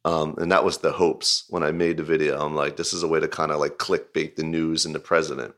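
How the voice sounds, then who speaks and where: Low-voiced man telling a rambling story. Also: fairly quick. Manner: rambling, filler-heavy storytelling with frequent "like"; animated, laughing retelling. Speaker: music video director. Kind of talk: casual anecdote in an interview.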